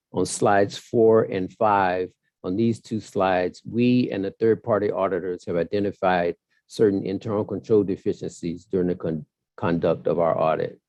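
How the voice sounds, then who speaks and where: A man, a partner at an audit firm, giving a measured, formal presentation of audit results at a council hearing over a video call. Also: low-pitched, darkish tone, no room sound, lo-fi sound. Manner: measured, formal, with some fillers.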